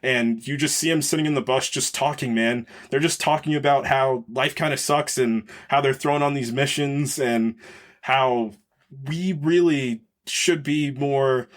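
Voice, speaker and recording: A man's voice: medium pitch, a little slow. A man hosting a podcast, chatting casually through a film review and often searching for words mid-sentence. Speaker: podcast host.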